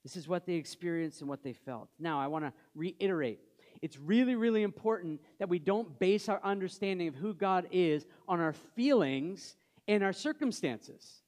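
A male pastor preaching a sermon in a conversational way, asking the congregation questions and dropping soft for scripture readings. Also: sits high, lively intonation, normal speed.

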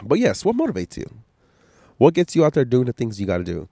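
A man's voice: medium pitch, wildly swooping pitch, quick pace, vocal fry, warm tone, dry recording. A man with a stuffy, coughing cold, hosting a casual solo podcast and giving blunt, profane motivational talk. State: sick, coughing, stuffy nose. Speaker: podcast host.

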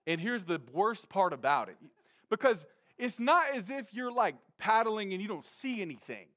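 A young male pastor tells a story from the pulpit in a high-pitched voice. He is animated and loose, full of casual slang, and he throws himself into the quoted lines, sometimes shouting them out. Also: normal speed. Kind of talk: sermon storytelling.

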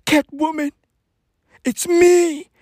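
A woman's voice: sits high, steady tone, darkish tone, dry recording, voice pushed up. A woman playing a desperate superhero guy begging his lover to stay, whiny, dry close sound. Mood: pleading. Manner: whiny, pleading, rapid questions. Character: clingy pleading male superhero, desperate lover.

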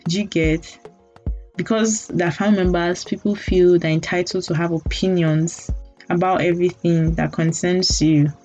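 A young Nigerian woman with a lowish voice holds forth on her solo podcast, candid and teasing, slipping in mock apologies and laughing asides. The audio is dull and lo-fi, with faint music underneath. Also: fairly even intonation, moderate pace, darkish tone. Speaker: podcast host. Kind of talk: casual solo podcast monologue.

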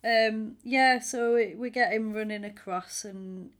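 A woman co-hosting a casual film podcast, chatty and animated, acting out her own reactions as she recaps scenes. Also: on the high side, slow. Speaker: podcast co-host. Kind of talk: casual film-discussion chat.

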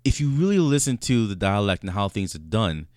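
Animated low-voiced man chatting. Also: fairly quick, dry recording, clean studio sound. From Jamaican descent. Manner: animated, restarts and repeats phrases. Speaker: podcast co-host. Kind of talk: casual chat.

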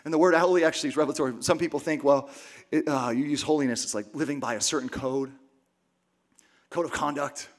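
High-voiced pastor preaching with big swings. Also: male voice, fast. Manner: emphatic preaching with repetition, swings from loud shouts to hushed near-whispers. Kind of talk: sermon.

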